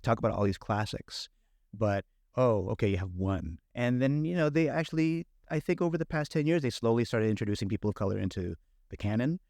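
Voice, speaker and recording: A middle-aged man, a film director guest, telling stories in casual, animated talk full of fillers and quoted thoughts. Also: mid-range voice, fairly quick, dry recording, clean studio sound. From San Francisco Bay Area. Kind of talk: casual conversational storytelling.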